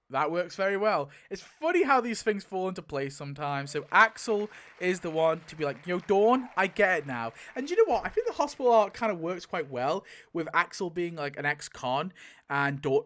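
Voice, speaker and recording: Chatty young man spinning a wheel. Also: sits high. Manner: chatty and rambling, lots of filler and swearing. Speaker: video creator. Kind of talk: casual commentary while spinning a wheel.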